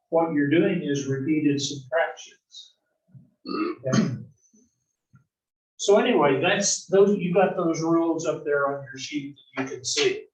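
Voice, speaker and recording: Male algebra instructor, slow deliberate delivery, slightly high voice, roomy classroom sound. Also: far from the mic, dull audio. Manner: slow, explanatory, asks and answers own questions. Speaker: math instructor. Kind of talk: recorded classroom lecture.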